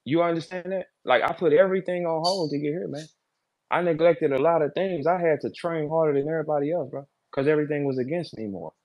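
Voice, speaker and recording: A man, a battle rapper, giving a heated, profane rant on a live audio chat. He repeats short lines and swings between loud bursts and low, menacing tones. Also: quick pace, highs cut off. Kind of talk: heated Twitter Spaces rant.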